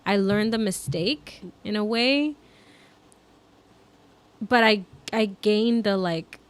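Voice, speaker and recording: A woman's voice: medium pitch, takes it slowly. Chatty woman telling an embarrassing story. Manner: animated storyteller, acts out quoted dialogue, many "like" fillers. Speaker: podcast co-host. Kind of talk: casual storytelling chat.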